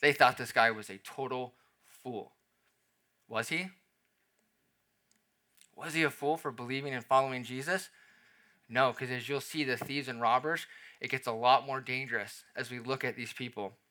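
A young adult man preaching a sermon, dropping to a soft emphasis on key phrases and swinging his loudness up and down. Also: mid-range voice, steady tone, moderate pace, pauses often. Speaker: pastor.

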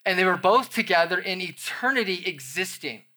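A man's voice: high-pitched, animated, moderate pace, bright, forceful tone. A man, the pastor, preaching a sermon to his congregation with playful, conversational asides.

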